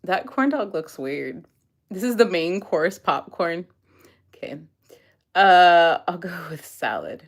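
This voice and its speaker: A woman's voice: lowish voice, big pitch swings, takes it slowly. A young woman vlogger reading an online quiz aloud in casual chat, giggling often. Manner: giggly, breaks into frequent laughter.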